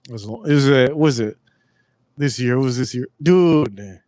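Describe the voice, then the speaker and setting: A man hosting a casual livestream, rambling through stories loudly and with lots of swearing. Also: medium pitch, unhurried, no room sound, studio quality. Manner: rambling storytelling, loud and profane. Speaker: livestream host.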